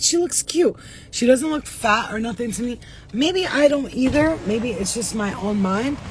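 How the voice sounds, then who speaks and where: Field: chatty spiritual woman vlogger, rough voice. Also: a little high, a little hiss or hum. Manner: chatty, repetitive, swears casually, greets viewers. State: voice roughened, coughing. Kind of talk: casual spiritual talk to viewers.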